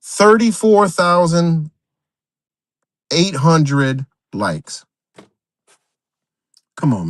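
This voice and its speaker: A man's voice: fairly high pitch, a bit bright, no room sound, clean studio sound. Profane ranting man on a livestream. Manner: profane, emphatic, repeats himself, talks to viewers directly. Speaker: livestream host. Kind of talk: unscripted livestream rant.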